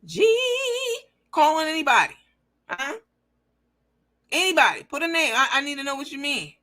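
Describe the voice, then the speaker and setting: Woman livestreaming, reading comments, bright edgy voice, cussing and calling people out. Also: sits high, lively intonation, very fast. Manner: blunt, profane, mocking, emphatic.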